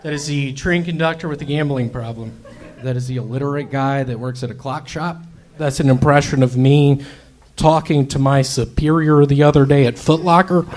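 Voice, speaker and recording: A man doing stand-up comedy, introducing a string of impressions in a flat, repetitive, deadpan way. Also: medium pitch, moderate pace.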